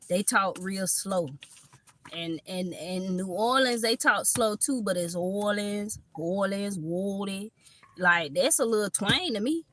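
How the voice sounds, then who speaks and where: A woman's voice: mid-range voice, fairly bright tone, a little hiss or hum. A woman with a Southern accent that mixes Kentucky and Florida, giving a casual tarot reading and chatting with lots of laughter and swearing. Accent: Southern US, Kentucky mixed with Florida. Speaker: tarot reader.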